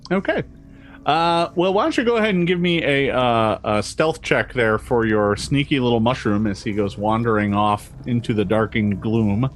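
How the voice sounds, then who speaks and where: A man's voice: mid-range voice, moderate pace, soft background music. A man running a tabletop game as game master, narrating scenes and laughing often.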